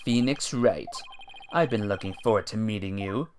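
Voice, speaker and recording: A man voicing a smug, pompous male prosecutor from a courtroom game, with a slow, haughty delivery. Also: fairly low pitch, a little mellow, a little hiss or hum, voice pushed down, natural voice.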